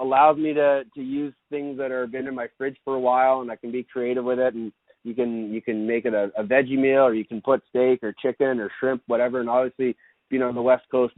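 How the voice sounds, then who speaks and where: A man from Canada talks in a relaxed, easygoing way, often repeating a word as he gathers his thoughts. His voice comes through a thin, phone-like remote line. The sound is dry, with no room around it. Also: medium pitch, fast talker, no room sound. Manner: easygoing, repeats words while thinking. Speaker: guest, lacrosse broadcaster. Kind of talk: casual interview chat.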